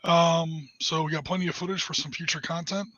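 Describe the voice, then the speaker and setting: A man co-hosting a casual podcast, chatty and hesitant with many pauses. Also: on the high side, fairly even intonation, fairly bright tone, no echo. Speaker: podcast co-host. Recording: dull dry lo-fi mic.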